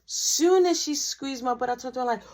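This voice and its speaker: A woman telling a school story in a slangy, animated storytime style, acting out the dialogue. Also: high voice, moderate pace. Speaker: vlogger. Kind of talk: storytime narration.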